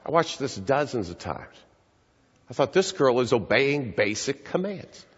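Middle-aged male speaker, husky and earnest, live talk in a reverberant hall, lo-fi. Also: medium pitch, very animated, measured pace, fairly bright tone. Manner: earnest, acts out quoted voices. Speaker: speaker addressing an audience. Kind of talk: public talk, storytelling. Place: large hall before an audience. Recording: echoey hall, dull lo-fi sound.

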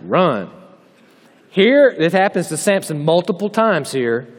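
A man's voice: high voice, animated, moderate pace. A man with a Southern US accent preaching a humorous chapel sermon, folksy and full of joking asides to the audience. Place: chapel hall. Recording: long hall reverb.

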